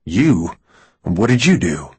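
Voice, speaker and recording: A man doing a calm, reasoning companion. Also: sits low, slow, breathy edge, no room sound, full character voice.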